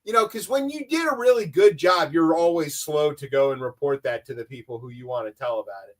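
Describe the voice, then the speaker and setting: High-pitched guy riffing sarcastically on the news, loose rambly comedy chat. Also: lively intonation, a little fast. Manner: sarcastic, rambling, does mocking voices. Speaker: podcast co-host.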